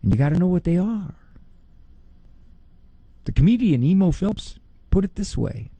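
A middle-aged man speaks with a gravelly, husky edge and a mellow, dark tone. His pitch swings widely as he talks, and he slips into higher voices to mimic other people. The sound is close and dry. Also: no echo. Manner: animated, quick to mimic others in a high voice. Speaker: psychologist. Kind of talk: talk on parenting and faith.

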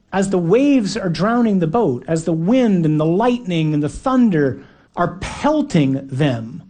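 A male preacher delivering an earnest, emphatic sermon. His voice sits fairly high but sounds mellow, with a husky grain. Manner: earnest, emphatic, acts out quotes.

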